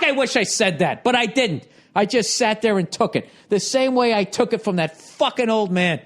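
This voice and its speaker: A man's voice: high voice, expressive, normal speed, hardly any pauses, fairly bright tone. A man in his forties telling an exasperated, heavily profane comic story, his voice jumping up when riled. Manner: exasperated, swears constantly, voice jumps up when riled. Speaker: comedian.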